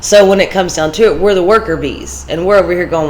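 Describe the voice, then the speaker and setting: A woman's voice: lowish voice, fast talker, few pauses, darkish tone, a little hiss or hum, poor audio. A woman hosting a vlog, talking casually and motivationally, telling stories and laughing often. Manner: chatty storytelling, laughs often. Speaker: vlog host.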